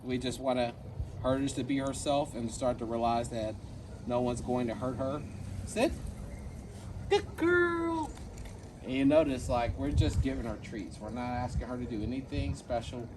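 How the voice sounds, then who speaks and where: A man demonstrating dog training outdoors, explaining each step in a relaxed way and tagging his points with "right?" He sounds a bit away from the mic, with steady background noise around him. His voice sits at an ordinary middle pitch. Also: far from the mic. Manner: switches to a high squeaky praise voice for the dog.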